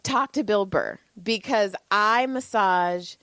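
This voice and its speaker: A woman co-hosting a podcast tells stories in a loose, animated way, laughing and cursing as she goes. Her voice sits in the middle range. The sound is dry and close, with hardly any room around it. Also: medium pitch, slow pace, dry recording. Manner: animated storyteller, laughs often, swears casually. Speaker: podcast co-host. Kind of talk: casual chat.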